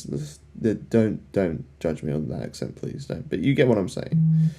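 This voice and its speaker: A man's voice: mid-range voice, lively intonation, a little slow, creaky, dark tone. A young man casually commenting on the game he plays, rambling and joking at himself. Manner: rambling, self-deprecating, joking at the screen. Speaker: let's play host. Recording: faint game music behind.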